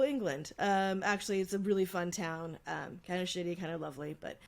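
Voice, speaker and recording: A woman co-hosting a podcast, telling a travel story in casual, filler-filled chat. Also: lowish voice. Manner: chatty storytelling, frequent fillers. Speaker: podcast co-host.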